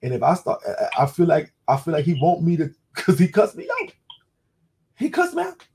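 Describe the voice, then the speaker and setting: A man's voice: a little high, wildly swooping pitch, moderate pace, creaky, darkish tone, slightly rough. A man with a Louisiana accent hosting a casual call-in talk, telling a personal story loosely, with many restarts and blunt cursing. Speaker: host.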